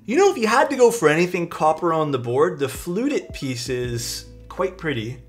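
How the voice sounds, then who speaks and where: A man with a slightly high, sing-song voice chats casually at a normal pace on a live stream, unboxing keyboard parts. He thanks his chat and muses aloud as he opens things, with faint music playing behind him.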